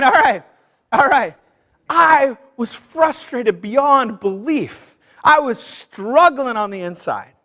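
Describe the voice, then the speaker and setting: A man's voice: very high-pitched, lively intonation, takes it slowly, pushed and bright. A middle-aged man preaching a sermon as pastor, telling personal stories, acting out voices and calling out to the congregation for responses. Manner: storytelling, calls out to the congregation; acts out voices in anecdotes. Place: church sanctuary. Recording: long reverb of a church hall.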